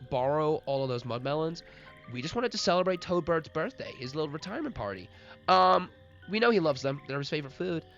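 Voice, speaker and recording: A man's voice: high-pitched, voice pushed up. A flirty female swamp otter, put on by a man, gushes and begs for praise in a slightly raised voice. Faint music plays under a dull, lo-fi stream recording. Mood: eager. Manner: gushing, eager for praise.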